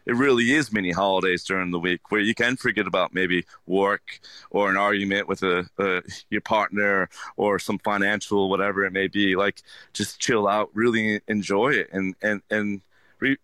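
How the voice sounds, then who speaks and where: A man, a restaurant owner, talking earnestly in an interview, halting with many restarts. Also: fairly low pitch, fairly even intonation, bright, forceful tone, no echo. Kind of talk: casual interview talk.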